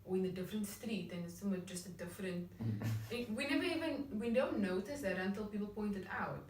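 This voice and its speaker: A woman's voice: mid-range voice, expressive, quick pace, darkish tone, slight background noise. A woman from Cape Town in her thirties with a Cape Town accent, co-hosting a music vlog in a chatty, reflective way with many restarts. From Cape Town, South Africa. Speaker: vlog co-host. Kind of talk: casual discussion. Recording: echoey room, mic at a distance.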